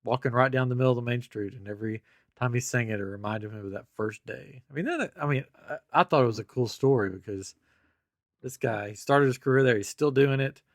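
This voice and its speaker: A podcast host tells a story in relaxed chat, voicing the different people in it himself. His voice is medium in pitch and a little quick, and the studio recording is clean with no room sound.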